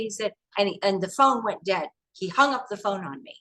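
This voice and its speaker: A woman from the United States, an interview guest, telling past events in an animated, emphatic way with many restarts. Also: mid-range voice, brisk, few pauses, poor audio.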